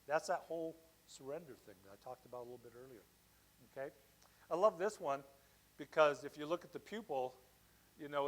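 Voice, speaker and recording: A man giving a Sunday talk at a spiritual center, lively and conversational, often checking in with "okay?". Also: medium pitch, poor audio. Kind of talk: sermon.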